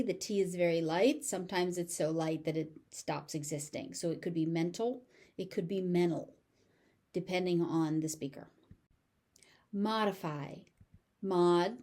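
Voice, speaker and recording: A woman with an American accent teaching pronunciation, saying each word several times in a slow, careful drill. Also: on the low side, dark tone. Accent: General American. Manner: repeats each word slowly, syllable by syllable.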